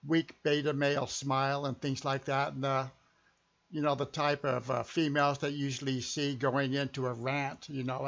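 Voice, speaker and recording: A man's voice: a little high, vocal fry, lo-fi sound. A man hosting an unscripted live stream, talking in a casual, chatty way.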